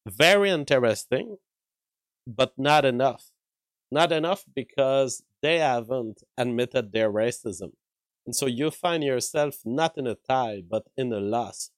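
A man's voice: medium pitch, unhurried, dry recording, poor audio. A man commenting live on an interview clip, analytical and thinking aloud through his own compressed mic.

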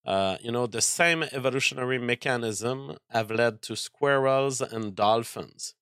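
Stream host, male, slow deliberate delivery, bright tense tone, mock-outraged and profane, repeats words as he restarts. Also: medium pitch, clean tone, no room sound, clean studio sound. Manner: mock-angry ranting, profane, stammering restarts. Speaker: livestream host reading chat. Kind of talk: casual livestream chat.

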